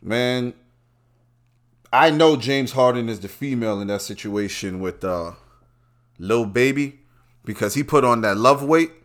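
A man, a podcast host talking in a brash, rambling, profane monologue that swings from quiet asides to loud outbursts. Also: medium pitch, measured pace, long pauses. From Brooklyn, New York. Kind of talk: profane casual commentary monologue.

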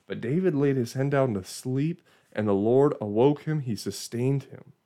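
A man's voice: mid-range voice, moderate pace, warm tone. A man giving an informal Bible teaching in a conversational way, often checking in with "right?" and restarting phrases.

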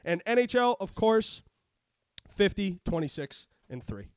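High-voiced ranting man, dry sound. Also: unhurried, smooth, no room sound. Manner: profane, ranting, animated. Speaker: sports betting podcast host. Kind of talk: casual chat.

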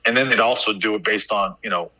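Middle-aged guy coach telling hoops stories on a podcast, kinda low, bright edge, lots of "like". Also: fast, poor audio. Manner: animated storyteller, many "like" and "right?" fillers. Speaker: basketball assistant coach, guest. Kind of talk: casual storytelling interview.

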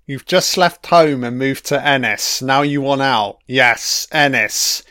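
A man's voice: medium pitch, slow pace, sharp tone, smooth, no echo, clean studio sound. Sweary sarcastic man ranting. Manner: profane, sarcastic, grumbling. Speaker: commentator. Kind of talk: ranting audio commentary on a TV episode.

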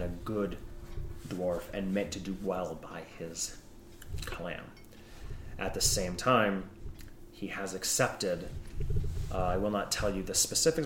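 Low-pitched guy gm narrating a tabletop game, grave briefing, faint room hum behind. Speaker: game master. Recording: echoey room.

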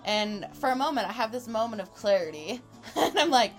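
Woman, twenties, casual storytelling, laughing, higher voice, faint music behind. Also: fairly quick. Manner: animated, laughing, acts out quotes. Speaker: podcast co-host.

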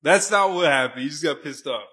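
A man's voice: on the high side, expressive, fairly quick, pushed and bright, slightly rough. A man co-hosting a casual sports podcast who talks bluntly, swears often and teases his friends. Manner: blunt, swears a lot, teasing. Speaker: podcast co-host.

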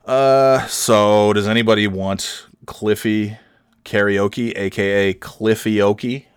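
A man's voice: lowish voice, fairly even intonation, slow, smooth, dry recording. Young male podcaster rambling. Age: young adult. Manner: rambling, profane, self-deprecating humor. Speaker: podcast host. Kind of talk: casual storytelling.

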